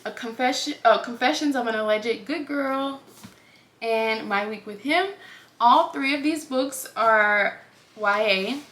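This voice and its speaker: A woman's voice: fairly high pitch, a bit bright. A woman talking casually to camera as a book vlogger, chatty and effusive, calling her viewers y'all. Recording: roomy echo.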